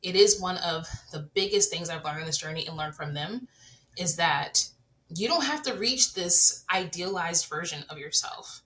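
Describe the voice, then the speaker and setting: A woman's voice: lowish voice, normal speed, fairly bright tone, low-quality recording. A woman in her thirties hosting a podcast, talking earnestly and candidly to her listeners about her own life. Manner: earnest, confessional, addresses listeners directly. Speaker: podcast host. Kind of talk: candid personal chat.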